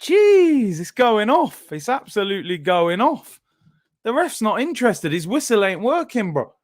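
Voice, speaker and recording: A young man hosting a live football watchalong, reacting loudly to the play and then talking himself back down. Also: high-pitched, moderate pace. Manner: excitable, shouts at big moments, then calms himself down. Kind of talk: live match watchalong commentary.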